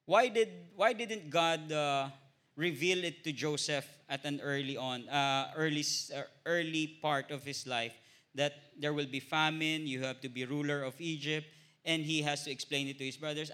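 Filipino man teaching Bible, halting. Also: a little high, steady tone, fairly bright tone. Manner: hesitant, many filler "uh"s and tag "no?".

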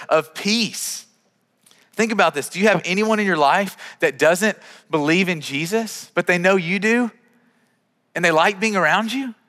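A man's voice: high voice, a bit bright, long reverb tail. A male pastor preaching a sermon in a conversational way, often repeating words as he starts sentences.

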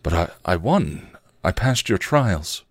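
A man voicing a starving, dying male vampire who talks in a weak, strained croak with a put-on accent. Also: low-pitched, sing-song, takes it slowly, dry recording, studio quality, heavily acted. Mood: defiant.

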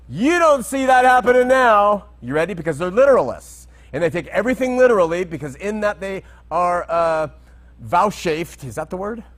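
Man, Bible teacher, conversational, somewhat high voice, digressive, checks in with listeners. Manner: conversational, digressive, asks listeners if they follow.

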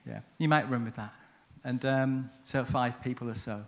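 Man, seminar speaker, mid-pitched, chatty storyteller who keeps restarting his sentences. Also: fairly even intonation, normal speed, a little hiss or hum. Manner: chatty, self-interrupting, anecdotal. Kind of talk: conference talk with storytelling.

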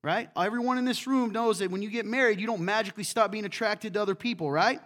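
A man preaching a sermon in a church, animated and acting out quotes in different voices. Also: high-pitched, fast talker. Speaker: pastor.

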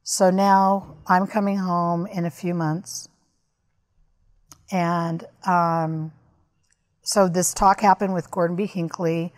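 A woman's voice: on the low side, flat delivery, slow, pauses often. A woman guest on a podcast, candidly and earnestly recounting a personal story.

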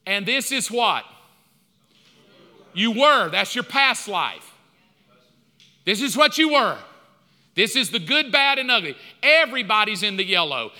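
A male pastor preaches in a high, piercing voice that rings through a long-reverb church hall. He is lively and conversational, and he acts out dialogue with God. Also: unhurried, pauses often. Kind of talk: sermon. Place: church sanctuary.

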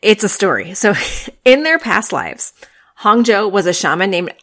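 Podcast host lady, mid pitched voice, rambly and chatty. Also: very animated, unhurried, a bit bright. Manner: chatty, with frequent fillers and restarts, retelling scenes. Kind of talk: casual chat about TV dramas.

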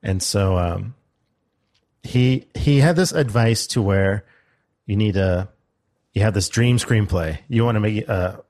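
A man's voice: on the low side, a little slow, long pauses. A young man in casual chat, telling a story about a seminar he went to. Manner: storytelling, quoting a loud instructor in his telling.

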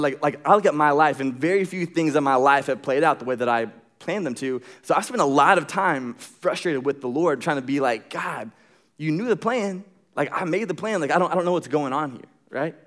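A young adult man giving a sermon, telling a personal story in an animated way, acting out quotes and using many fillers. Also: medium pitch. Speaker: pastor.

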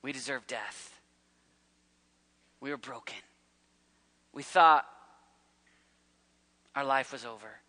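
Bright-voiced male preacher. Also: mid-range voice, fairly even intonation, a little slow, pauses often, big-room sound. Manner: dramatic, swings from loud to hushed whispers. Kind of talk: sermon retelling a scripture story.

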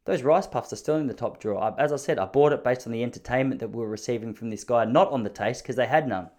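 Australian man, 30s, quick rambling podcast storyteller with a jokey delivery. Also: mid-range voice, a little mellow. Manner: rambling, jokey, acts out quoted voices. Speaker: podcast host.

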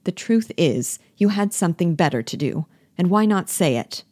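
A woman's voice: fairly low pitch, animated, moderate pace, darkish tone, no echo. A woman reading the part of a bitter, jealous young wife who pleads with her lover and mocks her husband. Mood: pleading. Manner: reproachful, cutting, pleading. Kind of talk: play reading.

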